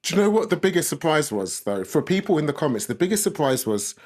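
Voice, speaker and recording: A man's voice: a little high, big pitch swings, fast talker, darkish tone. A man co-hosting a casual podcast, telling travel stories and laughing at himself. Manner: chatty storyteller, laughs at himself. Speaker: podcast co-host.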